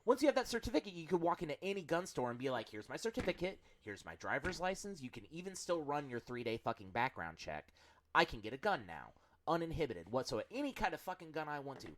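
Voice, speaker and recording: A man's voice: on the high side, sing-song, quick pace, a little hiss or hum. A man co-hosting a podcast, talking in a blunt, emphatic way with plenty of swearing. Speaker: podcast co-host. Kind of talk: casual chat.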